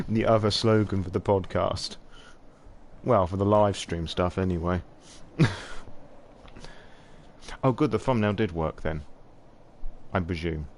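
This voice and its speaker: A man talks casually to his live-stream chat as host. His voice sits on the low side, and he swears freely and laughs often between remarks. A faint background noise runs under the recording. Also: a little mellow.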